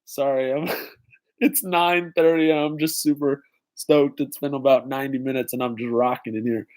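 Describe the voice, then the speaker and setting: A young man hosting a live-stream trivia night, excitedly greeting viewers in the chat by name. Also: mid-range voice, normal speed. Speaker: livestream host.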